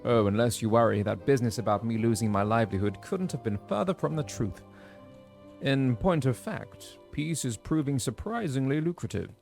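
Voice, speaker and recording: An actor playing a male mercenary captain, reading game dialogue aloud in a measured, formal delivery. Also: medium pitch, vocal fry, a little mellow, faint music behind, close to an everyday voice. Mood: pragmatic.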